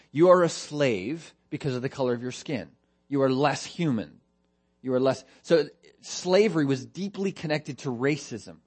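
A man's voice: mid-range voice, darkish tone. Male pastor preaching a verse-by-verse sermon, earnest and teaching, leans on rhetorical questions. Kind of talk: expository sermon.

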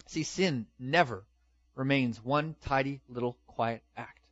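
A man's voice: medium pitch, normal speed, fairly bright tone, dry recording, highs cut off. A man preaching a sermon with emphatic delivery, often acting out the lines he quotes. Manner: emphatic, dramatic with acted-out quotes. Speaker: pastor.

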